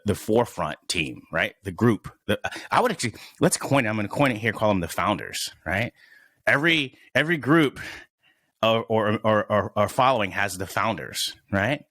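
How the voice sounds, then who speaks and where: A man's voice: fairly low pitch, animated, moderate pace, a bit bright, no echo. A young man in his twenties chatting as a podcast guest, rambling and searching for words as he goes. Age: 20s. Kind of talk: casual podcast chat.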